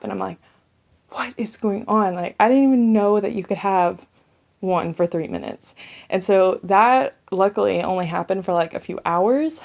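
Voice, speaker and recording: A young woman with a slightly low voice recounts a personal story in a loose, chatty way. She leans on "like" constantly and talks as if reliving each moment. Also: a little mellow. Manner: chatty, says "like" often, relives distress. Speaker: vlogger telling her birth story. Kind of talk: casual storytelling to camera.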